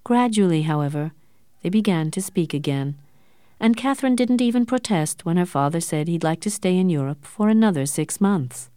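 Woman audiobook narrator, low-pitched, dry close recording, steady and clear. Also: moderate pace, dry recording.

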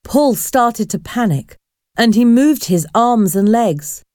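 A woman narrating a storybook in a clear, deliberate reading voice. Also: fairly high pitch, expressive, darkish tone, no room sound, studio quality.

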